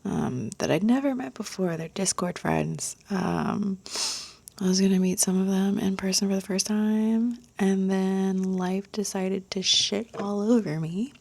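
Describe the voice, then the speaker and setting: A woman's voice: mid-range voice, measured pace, gravelly, darkish tone. A young woman talking to her vlog camera, frustrated and venting, swearing, at times near tears. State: tearful, crying. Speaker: vlogger. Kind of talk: casual vlog talk.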